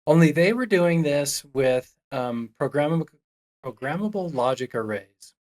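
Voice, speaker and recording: Slow-talking man explaining tech. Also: on the high side, lively intonation, a little mellow. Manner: slow, explanatory, many ums. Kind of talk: casual chat.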